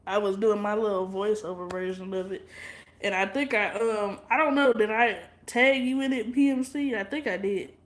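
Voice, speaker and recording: A blunt, profane woman chats loosely, laughing often. Her voice sits at a middling pitch. The room around her rings with echo. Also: normal speed. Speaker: livestream vlogger. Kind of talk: casual livestream chat with viewers.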